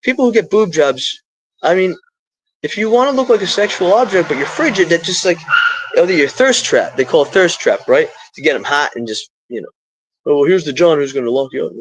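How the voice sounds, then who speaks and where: A middle-aged man talks to his live stream in a high, sing-song voice at a fairly quick clip, with noise in the background. His talk rambles like a stream of consciousness and keeps drifting into spiritual asides.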